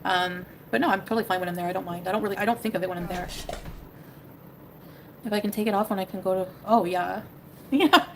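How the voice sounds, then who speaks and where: A woman's voice: medium pitch, fast, long pauses, a little hiss or hum, rough recording. A woman from Canada chatting casually on a livestream, rambling and hedging as she answers. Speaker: streamer.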